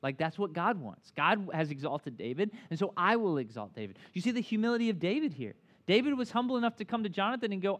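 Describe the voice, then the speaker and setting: A man preaching a conversational sermon as pastor, animated and full of asides, often checking in with "right?". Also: high voice, a little fast.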